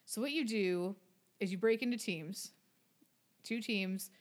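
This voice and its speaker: A woman's voice: mid-range voice, measured pace. Chatty, sarcastic woman co-host. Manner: chatty and sarcastic, breaks into singing. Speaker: podcast co-host. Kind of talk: casual chat.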